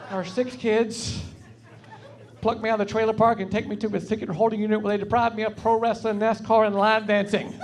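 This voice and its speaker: Southern stand-up man, high and wry. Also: little pitch movement, brisk, some chatter behind. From North Carolina, US. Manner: folksy, wry storytelling delivery. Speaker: stand-up comedian. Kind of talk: stand-up comedy set. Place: comedy club stage.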